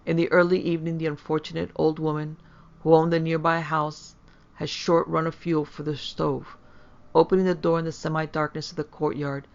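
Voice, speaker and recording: A man reading a horror story aloud in a measured, grave way. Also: fairly high pitch, gravelly. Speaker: narrator. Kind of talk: scripted horror story narration. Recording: dull lo-fi.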